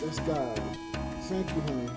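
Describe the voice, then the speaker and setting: A man with a fairly high, unhurried voice rambles emotionally while drunk to viewers on a late-night livestream, reading out donations between rants. The recording sounds roomy, with music playing behind him.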